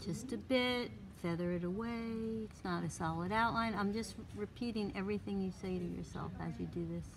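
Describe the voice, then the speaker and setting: A woman's voice: medium pitch, normal speed, creaky, few pauses, noisy background. A woman instructor giving a live drawing demonstration to a small class, thinking aloud as she works and coaxing with short repeated cues.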